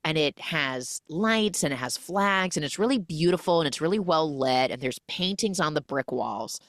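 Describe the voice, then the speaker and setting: Speaking at a normal speed in a low voice, this podcast host gives a casual recap of a film. She tells it with animation, voicing the characters, and the recording is dry and studio quality.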